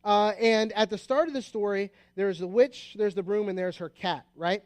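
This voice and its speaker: An American pastor with a fairly high voice delivers his sermon like a relaxed story, full of asides and restarts. The sound is close and dry, with no room echo. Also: moderate pace.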